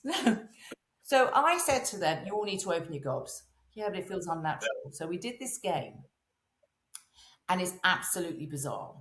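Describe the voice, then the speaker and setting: A woman, a voice and presence coach, chatting as an interview guest and telling animated stories in which she acts out the voices of the people she quotes. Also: lowish voice, normal speed, roomy sound. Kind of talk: casual interview chat.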